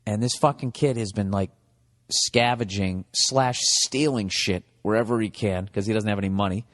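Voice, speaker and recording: A man's voice: fairly low pitch, fairly even intonation, moderate pace, a bit bright, long reverb tail. Man ranting profanely on a podcast. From United States. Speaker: comedian and podcast host. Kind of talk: comedic podcast monologue.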